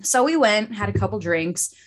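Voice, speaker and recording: Lively young woman telling a story. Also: mid-range voice, moderate pace. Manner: animated, laughing storyteller. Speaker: podcast co-host. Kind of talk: casual chat.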